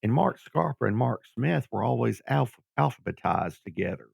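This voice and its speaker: A middle-aged man from Georgia, a guest telling his life story in an animated way, acting out what people said. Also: medium pitch, normal speed, creaky, breathy edge, no room sound, dull audio. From Georgia, USA. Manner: animated storyteller who acts out quoted voices. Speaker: guest, former pro wrestler. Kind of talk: storytelling interview.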